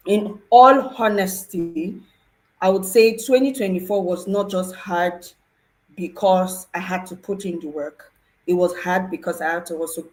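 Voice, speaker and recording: A woman's voice: lowish voice, poor audio. A woman sharing a personal testimony on a panel talk show, earnest and emotional, telling her story with feeling. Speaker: program participant sharing testimony.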